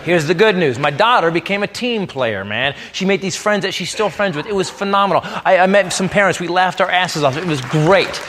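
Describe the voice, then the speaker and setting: A man doing a stand-up comedy set, ranting and shouting his punchlines on a club stage. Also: high voice, lively intonation, fairly quick, hardly any pauses, noisy background. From United States. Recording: live club recording, loud crowd laughter. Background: audience laughing.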